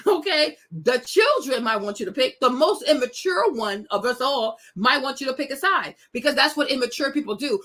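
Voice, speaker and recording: A young adult woman from West Africa hosts a vlog, speaking straight to her viewers in a high-pitched, brisk voice. Her monologue is animated and emphatic, full of laughter, and she calls them y'all and girl.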